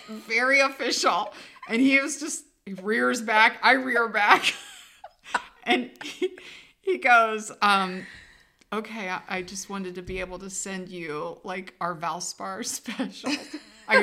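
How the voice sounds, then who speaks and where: A woman's voice: fairly high pitch, pushed and bright. A woman, co-hosting a podcast and telling a rambling story with lots of laughter. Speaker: podcast co-host. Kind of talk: casual storytelling chat.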